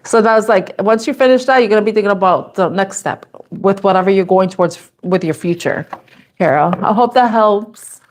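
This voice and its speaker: A woman doing a casual live-stream tarot reading from her office, playful and giggly, laughing often and repeating each question slowly as she shuffles. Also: mid-range voice. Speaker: tarot reader.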